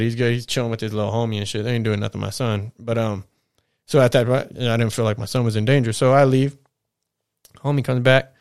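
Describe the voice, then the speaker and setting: A man's voice: medium pitch, clear, resonant tone, no echo, clean studio sound. A young man telling a personal story in a rambling, profane, fired-up way, as a podcast host. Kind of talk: casual storytelling monologue.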